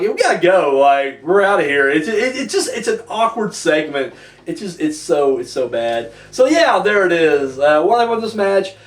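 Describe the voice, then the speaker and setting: Man reviewer, loose and profane, lively high voice, recorded far off in an echoey room. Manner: rambling, profane, lots of fillers. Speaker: wrestling reviewer. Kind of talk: casual rambling review. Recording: echoey room, mic at a distance.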